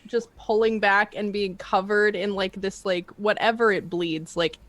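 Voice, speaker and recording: A woman's voice: medium pitch, steady tone, a little slow, a bit bright, dry recording. A woman playing a tabletop game, describing her character hesitantly with lots of "like". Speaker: player. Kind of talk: tabletop role-play.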